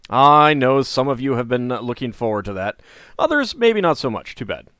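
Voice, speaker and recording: A man hosting a game playthrough, joking casually and reading item text aloud with excited bursts. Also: mid-range voice, normal speed, smooth. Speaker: let's play host.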